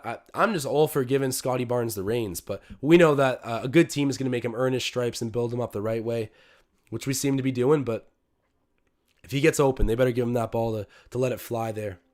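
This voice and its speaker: A young man hosting a live-stream watch-along, commenting casually on the game, reading the chat aloud and breaking into loud cheers. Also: mid-range voice. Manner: excitable, talks to chat, bursts of loud cheering.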